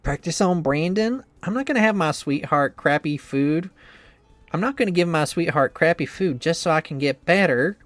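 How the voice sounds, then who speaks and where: A man's voice: on the high side, expressive, normal speed, no room sound, soft background music, lightly acted. A man voicing a cheerful young woman trainer who is anxious about her cooking, reading a visual novel game in an earnest, rambling, self-doubting way.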